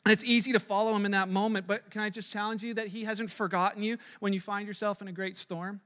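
A man preaching a sermon as a pastor, animated and acting out the voices he quotes, often repeating words as he presses a point. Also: high voice, quick pace. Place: church sanctuary. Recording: long reverb of a large hall.

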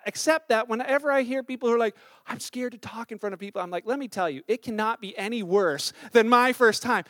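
A high-pitched man preaches a casual, story-driven sermon. His delivery is loose and self-deprecating, full of fillers and restarts. The sound is dry and close, with little room echo. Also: a little fast. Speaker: pastor. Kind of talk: conversational sermon.

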